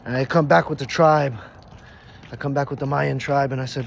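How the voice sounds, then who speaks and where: A man telling a comic story, acting out each character's lines and breaking into sudden loud outbursts. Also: mid-range voice, steady tone, fairly quick, vocal fry, long pauses, breathy edge. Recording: dull lo-fi recording with faint noise.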